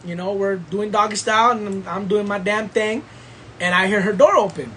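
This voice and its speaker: A man's voice: high-pitched, normal speed, sharp tone, a little hiss or hum, rough recording. A man hosting a podcast, telling a story in casual chat, full of slang and swearing and frequent laughter. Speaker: podcast host.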